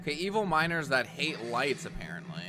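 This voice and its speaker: A man's voice: medium pitch, very animated, fairly quick, over music. A man giving chatty, wisecracking commentary while watching a show and talking back at the screen. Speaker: reaction commentator. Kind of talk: casual commentary over a show.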